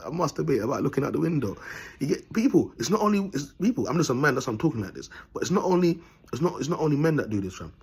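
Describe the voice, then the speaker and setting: Husky man rambling bluntly. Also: on the high side, expressive, racing. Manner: rambling and blunt, heavy street slang, laughs often. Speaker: vlogger. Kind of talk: casual monologue to camera.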